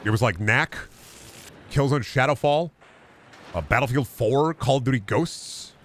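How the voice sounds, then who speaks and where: A man's voice: medium pitch, a little slow, a bit bright, a little hiss or hum. A young adult man chatting casually on a gaming livestream, rambling and joking with lots of swearing. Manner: rambling, profane, jokey. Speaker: gaming streamer.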